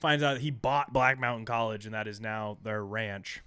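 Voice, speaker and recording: Smooth-voiced man recapping a film plot. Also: on the low side, normal speed, bright, forceful tone, no room sound, clean studio sound. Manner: retelling the plot, acting out the characters' lines. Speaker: podcast co-host. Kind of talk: casual movie recap chat.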